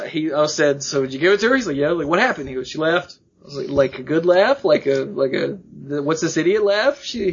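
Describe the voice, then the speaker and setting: In casual chat, a podcast co-host with a husky, slightly breathy voice of ordinary middle pitch tells a rambling personal story. He's animated, slipping into the quoted voices of the people involved and laughing along the way, and the recording sounds dull and lo-fi.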